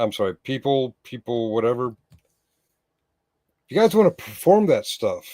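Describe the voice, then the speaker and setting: A man's voice: mid-range voice, darkish tone, dry recording. Rambling sarcastic male live streamer. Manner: rambling, sarcastic and heated, with frequent restarts.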